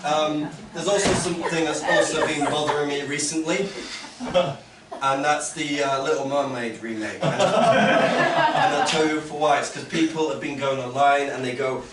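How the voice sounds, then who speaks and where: A man doing a sarcastic stand-up comedy set on a club stage, sometimes mocking online complainers in a loud put-on voice. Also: a little high, moderate pace. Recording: roomy club recording, heard from a distance, loud background noise.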